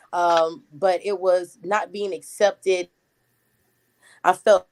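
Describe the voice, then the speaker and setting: A woman in her thirties with a Gullah Geechee accent, a talkative community activist answering interview questions in a steady flow. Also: lowish voice, low-quality recording. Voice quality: talkative, words flow quickly.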